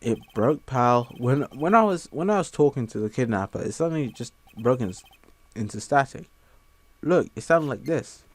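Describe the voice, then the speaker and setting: A man voicing an eager, goofy male police detective in a game, talking loud and excitable. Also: mid-range voice, moderate pace, dry recording, lightly acted. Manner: loud, excitable, keeps saying "pal".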